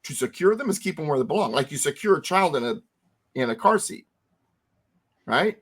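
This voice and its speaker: A man with a fairly high voice explains a founding document to a co-host. He talks with emphatic, lively stress and often repeats key words to drive a point home. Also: a little fast. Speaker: teacher.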